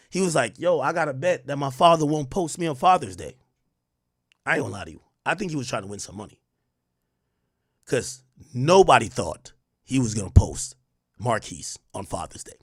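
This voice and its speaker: Hoarse man ranting on stream. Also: mid-range voice, dry recording, studio quality. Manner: loud heated trash talk, then hushed near-whisper. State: losing his voice. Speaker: livestream host. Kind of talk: ranting livestream commentary.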